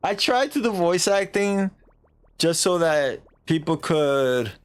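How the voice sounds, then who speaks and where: This game streamer has a slightly high, animated, smooth voice and takes his time speaking. His let's-play talk is relaxed and self-deprecating, broken up now and then by silly character voices.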